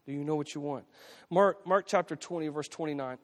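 A man's voice: a little high, fairly quick. A man preaching a sermon as pastor, talking in a conversational way with frequent restarts and repeated phrases. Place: church sanctuary. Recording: long reverb of a church hall.

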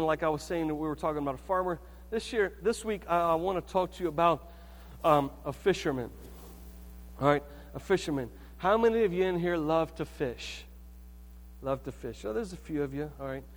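High-voiced preacher in a reverberant church. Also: male voice. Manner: conversational, storytelling, frequent "okay" and "right". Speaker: pastor. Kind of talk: sermon. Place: church sanctuary.

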